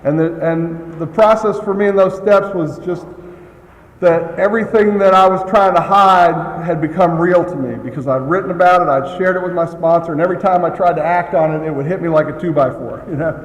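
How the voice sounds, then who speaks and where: A man's voice: a little high, a little fast, lo-fi sound. A man telling a candid, humorous recovery story, chuckling often as he talks. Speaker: speaker sharing a recovery story. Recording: echoey hall with long reverb.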